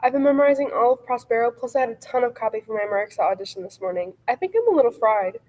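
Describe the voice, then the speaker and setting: A woman's voice: fairly high pitch, expressive, a little mellow, lightly acted, rough recording. A woman playing a frazzled, tongue-tied actress. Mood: flustered. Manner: flustered, apologetic, fast self-correcting. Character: frazzled overworked young actress who keeps flubbing lines. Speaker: actress auditioning for a courtroom role. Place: home room. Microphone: video call.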